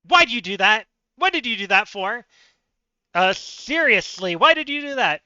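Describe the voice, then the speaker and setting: A man with a high, piercing, very bright voice talks through word puzzles on a live stream, chatty and self-mocking as he thinks aloud. His voice comes out smooth and clean, close and dry, though the audio is a little dull and lo-fi. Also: sing-song, normal speed, no room sound.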